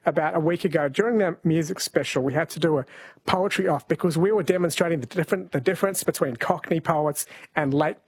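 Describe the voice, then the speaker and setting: An Australian man hosting a casual radio chat, his voice fairly high for a man and husky. He jokes playfully with his co-host. The studio sound is dry and close. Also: fast, no room sound. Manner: playful, joking banter. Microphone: studio microphone.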